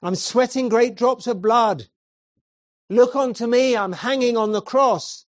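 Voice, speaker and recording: A man's voice: high-pitched, animated, takes it slowly, no room sound, clean studio sound, voice pushed up. A man voicing a poor, plain-spoken lay preacher who fervently repeats his simple appeal. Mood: fervent pleading. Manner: pleading, insistent repetition.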